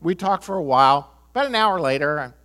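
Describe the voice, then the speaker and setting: An American man in middle age preaches with emphasis, driving points home by saying them twice. His voice sits a little high for a man, and he slips in a chuckle and short asides. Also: animated, fast, fairly bright tone. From United States. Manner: emphatic, repeats key phrases, chuckles, quotes people in voices. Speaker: pastor. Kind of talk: sermon.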